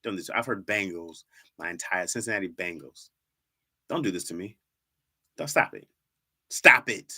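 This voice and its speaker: A man with a deep, husky, sharp-toned voice hosts a casual livestream at a moderate pace, leaving long pauses. He chats straight to viewers, teases them playfully, repeats words for laughs, and says "y'all" a lot.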